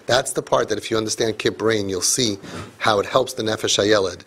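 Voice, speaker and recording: A man, a parenting coach, speaking to a live audience in an animated, joking way with quick asides. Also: fairly low pitch, slight background noise. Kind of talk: live parenting seminar talk.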